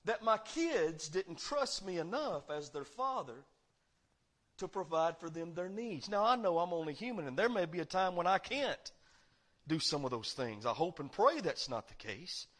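A man preaching a sermon as pastor, swinging between loud proclaiming and quiet, confiding asides. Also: high-pitched, big pitch swings, moderate pace. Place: church sanctuary.

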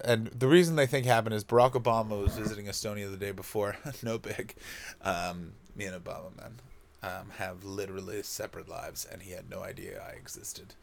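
A man's voice: lowish voice, slight background noise. A man from Canada doing a rambling, profane comic monologue as a podcast host.

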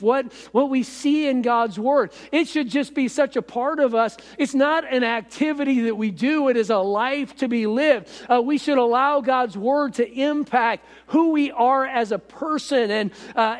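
Pastor, male, high voice, halting delivery full of fillers, recorded in an echoey hall. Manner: halting, with many fillers and repeated phrases. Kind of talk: sermon.

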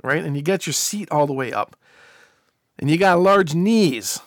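A man's voice: fairly high pitch, animated, no room sound, studio quality. A man hosting a podcast in casual chat, joking around and explaining things to a caller. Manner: joking, quick to laugh, explaining. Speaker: podcast host.

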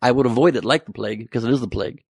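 A male comedian works through a sarcastic, profane stand-up routine, rambling from point to point. His voice has a gravelly edge at a mid pitch. The sound is dry and close, with little room tone. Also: racing, no echo.

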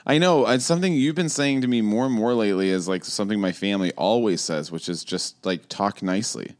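Intense, animated man with a low voice. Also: fast. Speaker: podcast co-host. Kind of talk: casual chat.

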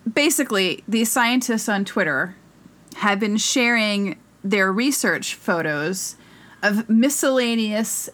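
A woman's voice: mid-range voice, lively intonation, fairly bright tone. A woman co-hosting a casual comedy podcast, reading an article aloud in a joking way and stumbling over hard words. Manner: reads aloud haltingly, stumbling on words, jokey. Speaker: podcast co-host.

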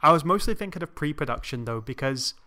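Male co-host, crisp and bright tone, thoughtful and hedging. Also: on the high side, animated. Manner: measured, hedging with ums. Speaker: podcast co-host. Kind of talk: casual film discussion.

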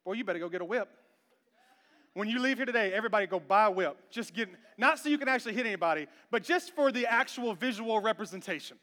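A male pastor in his thirties delivers a playful, animated sermon with a very high, bright voice. He swings from hushed talk into shouting. A long church reverb trails every phrase. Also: quick pace.

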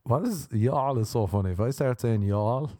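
A man's voice: mid-range voice, normal speed, dark tone, dry recording, studio quality. A young Irish man doing a rambling, self-mocking comic monologue, often jumping into mock voices.

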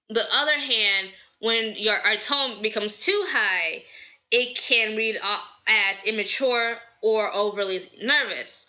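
An energetic, bubbly woman from the American South, hosting a podcast with casual, chatty advice. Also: on the high side, measured pace, lo-fi sound. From Southern United States. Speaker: podcast host.

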